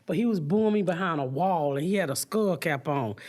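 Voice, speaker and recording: Animated, profane woman storyteller. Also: lowish voice, a little fast. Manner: animated, profane, laughs through stories, acts out voices loudly. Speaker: comedian guest. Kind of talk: candid storytelling interview.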